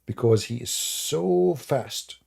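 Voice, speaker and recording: Sarcastic guy ranting on a stream, gravelly low-key voice, keeps asking mocking questions. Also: animated, takes it slowly, a little mellow. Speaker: online religious debate host. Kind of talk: mocking livestream commentary.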